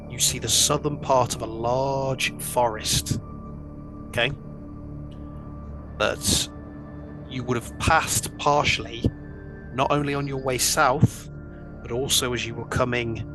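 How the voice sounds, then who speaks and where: A man running a tabletop game as dungeon master, narrating scenes in an unhurried, descriptive way. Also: medium pitch.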